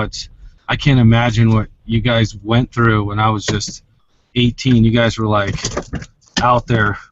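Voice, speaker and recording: A man in his thirties talking in a casual, halting way full of fillers, on a muffled recording with faint hiss. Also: medium pitch. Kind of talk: casual conversation.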